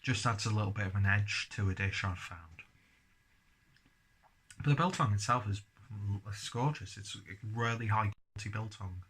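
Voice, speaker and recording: A man with a husky, low-pitched voice reviews beer and food in a relaxed, chatty way. His tone is forceful and bright, and he often keeps talking between bites. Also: normal speed. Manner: chatty, talks while chewing. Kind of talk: casual tasting review.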